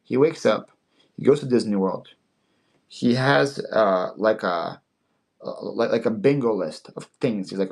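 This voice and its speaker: A man hosting a casual livestream sale, playful and quick to laugh, often stammering and repeating words. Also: fairly low pitch, creaky. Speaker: live online seller host.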